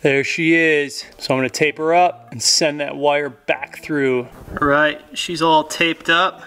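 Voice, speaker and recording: His voice is fairly high, fairly even in intonation, and a little slow, pushed and bright with a clean tone. The young man is a car modification vlogger giving an upbeat, casual step-by-step install tutorial from inside a car. He chats with viewers in an upbeat way and calls them "guys."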